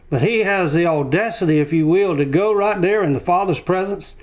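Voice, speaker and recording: A man's voice: high-pitched, darkish tone. A man preaching a sermon, driving his points home with short repeated phrases. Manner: emphatic repetition of short phrases.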